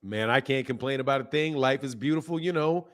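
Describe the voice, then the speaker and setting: A man's voice: mid-range voice, fairly quick. A man hosting a live boxing stream, chatting casually and reading out viewers' names from the chat. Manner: animated, talkative, reads chat names aloud. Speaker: boxing channel host.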